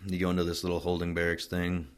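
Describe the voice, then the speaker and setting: A man from Wyoming, a Marine veteran being interviewed, telling his story in a relaxed, rambling way with many fillers and restarts. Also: deep voice, quick pace, clear, resonant tone. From Wyoming, USA. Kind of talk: casual oral-history storytelling.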